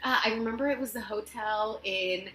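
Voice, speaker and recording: A woman actress telling self-mocking stories in a casual interview in her apartment, quick to laugh. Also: mid-range voice, over a noisy crowd. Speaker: guest actress. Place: her own apartment living room. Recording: echoey room.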